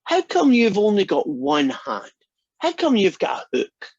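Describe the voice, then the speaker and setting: A teacher voicing an excited little boy asking eager questions in a joke told during an online class. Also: mid-range voice, measured pace, dry recording, lo-fi sound. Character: excited little boy who loves pirates.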